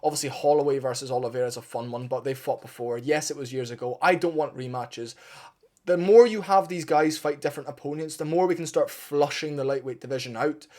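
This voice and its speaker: A man's voice: medium pitch, fairly quick, darkish tone. A man giving a casual, opinionated fight breakdown, blunt and partisan, swearing freely and getting fired up. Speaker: MMA fight analyst.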